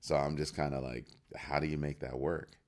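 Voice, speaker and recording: A man's voice: extremely low pitch, little pitch movement, moderate pace, a little mellow. A man hosting a crypto news show in casual solo commentary, firing rhetorical questions and restarting his phrases. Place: home studio at a computer.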